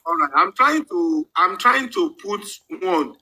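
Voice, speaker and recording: Nigerian guy hosting a live panel, really bright voice, pitched up, keeps repeating himself for emphasis. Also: lively intonation, a little slow, poor audio. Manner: emphatic, repeats points, switches into pidgin. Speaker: panel host. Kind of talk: live online panel commentary.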